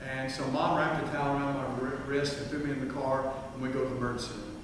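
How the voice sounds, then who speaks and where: A man in a big church hall tells a funny personal story and keeps turning to ask the crowd questions. His voice sits at an ordinary middle pitch and carries a long, ringing echo. He is heard from across the room over a steady hum of background noise. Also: fast talker, distant mic. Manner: humorous, anecdotal, addresses the audience directly. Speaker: church speaker.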